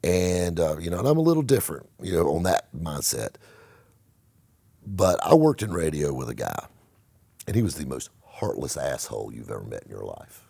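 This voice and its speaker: A man hosting his own channel, giving blunt, animated motivational talk to the camera and swearing freely. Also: rumbling low, moderate pace, vocal fry, slightly rough, no echo. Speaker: car vlogger and host.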